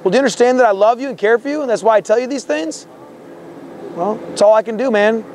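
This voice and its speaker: A man's voice: very high-pitched, fast talker, a little mellow, a little hiss or hum. A man street preaching outdoors on a campus, fervent and confrontational, quoting scripture and repeating his words. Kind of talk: confrontational open-air preaching.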